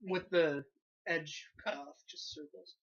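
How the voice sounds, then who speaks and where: An animated, sarcastic young man riffs through a casual movie review, swearing offhandedly as he mocks what he watched. The sound is dull and lo-fi. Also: on the high side, takes it slowly. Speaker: movie reviewer, site host.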